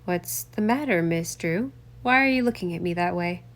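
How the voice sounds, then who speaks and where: Slick middle-aged male politician, gentlemanly with a menacing edge, pitched lower, as a woman reads him. Storybook audiobook. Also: expressive, moderate pace. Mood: smooth. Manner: courteous, then low and threatening.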